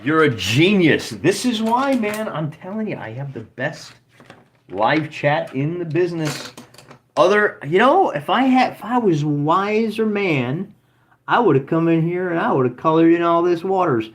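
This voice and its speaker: A man's voice: a little high, animated, measured pace, slight background noise. A man hosting a solo journaling game, thinking aloud and chatting with his live chat. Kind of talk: casual let's-play narration.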